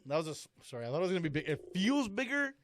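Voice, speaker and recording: A man's voice: high voice, very animated, rapid-fire, a little hiss or hum. A man co-hosting a casual, loose podcast chat, laughing often and swearing as he jumps from topic to topic. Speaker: podcast co-host.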